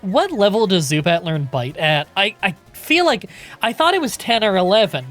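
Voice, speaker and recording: A man's voice: sits high, normal speed, soft background music. Laid-back man chatting on a game stream. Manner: relaxed and chatty, swears casually, answers chat questions. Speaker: streamer playing a game and reading chat. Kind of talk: casual live-stream chat.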